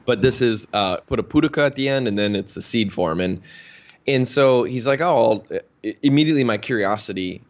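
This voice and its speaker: A man's voice: mid-range voice, fairly quick. A man in his thirties from Minnesota, a guest telling a story in a casual interview and acting out the dialogue. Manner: animated storyteller, acts out quoted dialogue. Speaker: interview guest, health practitioner. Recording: dull lo-fi sound.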